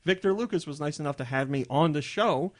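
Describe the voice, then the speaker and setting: A man's voice: on the high side, fairly quick. Chatty man hosting a podcast. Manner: chatty and jokey, rambling asides. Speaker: podcast host. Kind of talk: casual podcast chat.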